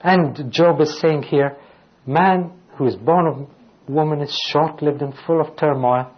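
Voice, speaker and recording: A man's voice: fairly high pitch, measured pace. A man preaching a sermon, reading scripture aloud and asking rhetorical questions. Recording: dull lo-fi recording.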